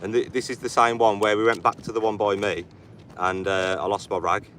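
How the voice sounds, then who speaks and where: A man's voice: lowish voice, flat delivery, fairly quick. A man livestreaming outdoors as an animal rights activist, blunt and agitated, swearing often. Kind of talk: live outdoor stream. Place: outdoors by a roadside facility. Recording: distant mic with loud traffic noise.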